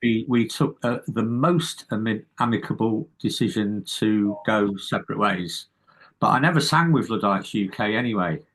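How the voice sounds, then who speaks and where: Low-voiced man in his sixties, hesitant. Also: normal speed, a bit bright, a little hiss or hum. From Wales by heritage, lives in England. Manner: hesitant, stammering restarts, self-deprecating. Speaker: musician guest. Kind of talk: casual interview chat.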